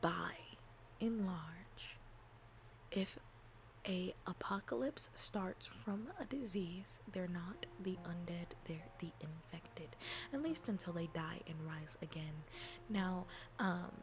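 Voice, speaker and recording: A woman streamer chatting casually in a soft ASMR style, rambling and giggly, often dropping into whispers. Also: on the low side, gravelly, a little hiss or hum.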